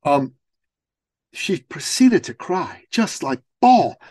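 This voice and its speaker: Animated man telling a story. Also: a little high, slow pace, husky, no echo. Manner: animated storyteller, acts out quotes. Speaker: business coach. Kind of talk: storytelling in an interview.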